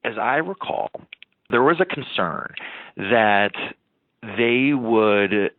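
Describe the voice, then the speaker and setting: A man's voice: on the low side, animated, takes it slowly, no room sound. A man state senator from Long Island recalling events in a rambling interview full of ums and you-knows. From Long Island, New York. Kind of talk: casual interview recollection. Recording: dry, phone-like line.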